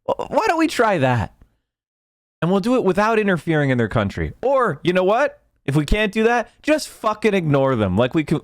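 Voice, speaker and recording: A man's voice: a little high, no echo, studio quality. A man hosting a livestream, reacting to news clips with profane, sarcastic commentary. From United States. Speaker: political streamer.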